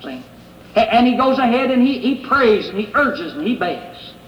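A man's voice: very high voice, big pitch swings, highs cut off, slight background noise. Man, middle-aged, preacher, earnest pleading sermon, echoey room, faint ambience. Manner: earnest, pleading, reads scripture aloud with pauses. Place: church sanctuary.

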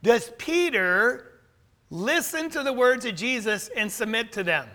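Male pastor, high and bright voice, earnest sermon delivery. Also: animated, a little slow. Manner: earnest preaching, quoting scripture with rising emphasis.

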